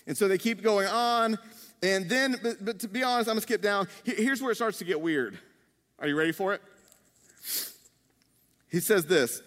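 A man with a notably high voice preaches in a relaxed, joking manner, slipping into conversational asides between points. His words ring out with a long hall reverb, as if he were on a church stage. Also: normal speed, pauses often. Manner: humorous, conversational preaching with playful acted asides. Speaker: pastor. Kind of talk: sermon.

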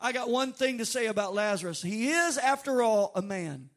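A male pastor preaches to his congregation in a strikingly high voice. He swings from quiet storytelling to shouted, drawn-out lines that almost become song. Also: expressive. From North Louisiana. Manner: dynamic preaching, bursts of shouting and drawn-out sung phrases. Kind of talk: sermon. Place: church sanctuary before a congregation.

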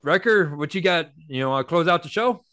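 A man's voice: a little high, animated, a little fast, bright, forceful tone, no room sound, studio quality. A man co-hosting a podcast in casual chat, easygoing and full of fillers as he thanks his guests and sponsors. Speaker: podcast co-host.

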